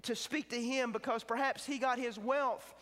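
Guy preaching in a chapel, really high voice, long echo, stretches out the big words. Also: fairly even intonation, a bit bright. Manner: emphatic, slows down on key words. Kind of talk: sermon. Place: seminary chapel.

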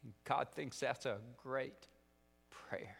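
A man plays a spunky, kindly old gentleman who speaks low and slow. The tone is gentle and reassuring. A long chapel reverb trails every word. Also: gravelly, heavily acted.

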